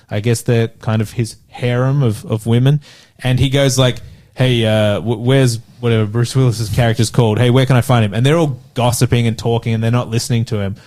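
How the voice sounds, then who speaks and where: A man's voice: mid-range voice, a little mellow. Rambling man retelling film scenes. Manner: rambling storyteller who acts out scenes and laughs. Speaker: podcast co-host. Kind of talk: casual comedic film review chat.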